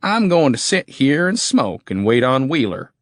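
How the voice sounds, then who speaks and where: A man's voice: mid-range voice, very animated, moderate pace, no room sound, pitched above the performer's own voice, lightly acted. A man voicing a crude, cocky male army veteran with a drawl, foul-mouthed and taunting, in a dry, close audiobook recording. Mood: defiant. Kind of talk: audiobook character voice.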